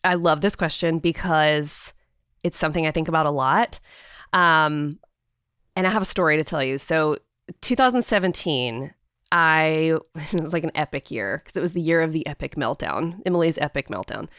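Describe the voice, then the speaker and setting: Chatty, animated woman telling a story. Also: deep voice, moderate pace, no echo, clean studio sound. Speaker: guest, company CEO. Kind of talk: casual storytelling in a podcast interview.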